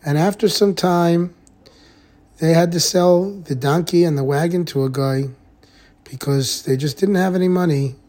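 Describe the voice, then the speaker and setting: A man teaching a Torah class, reading a text line by line and translating it into a lively, expressive story, often repeating words. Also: on the high side, normal speed. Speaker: rabbi giving a Torah class.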